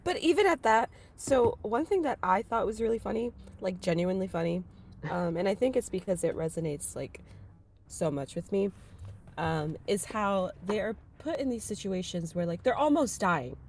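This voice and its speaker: A young woman co-hosting a casual book chat podcast, animated and quick to laugh, often quoting the characters. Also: medium pitch, a little hiss or hum. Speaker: podcast co-host.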